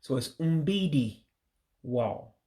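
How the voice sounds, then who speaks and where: A man from the United States teaching household vocabulary in a casual lesson, patiently repeating each word slowly and closing with religious blessings. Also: medium pitch, lively intonation, warm tone. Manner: religious sign-offs. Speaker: language learner teaching vocabulary.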